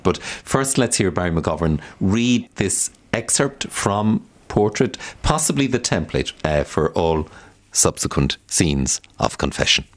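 A man presents an arts discussion on radio in a low voice. He muses thoughtfully, pausing to search for words. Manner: thoughtful, musing, with hesitations. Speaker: radio host.

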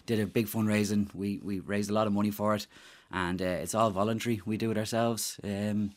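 A man's voice: on the low side, little pitch movement, a little fast. A man with an Irish accent, a volunteer mascot performer, talking upbeat and rambling as a radio guest. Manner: rambling, upbeat, many fillers and restarts. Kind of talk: casual radio interview guest.

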